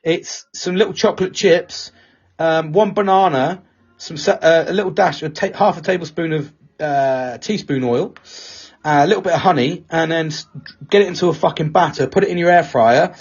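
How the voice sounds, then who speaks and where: A man's voice: a little high, moderate pace, husky, dull audio. A man co-hosting a casual podcast chat, rambling and swearing freely, with a tension headache. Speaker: podcast co-host.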